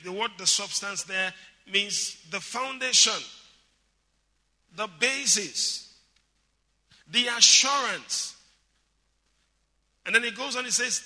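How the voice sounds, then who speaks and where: A male preacher with a high, very bright and forceful voice, teaching in an unhurried, deliberate way. He stresses and repeats key words, drawing the congregation into call and response. The sound rings with the long reverb of a large church hall. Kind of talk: sermon.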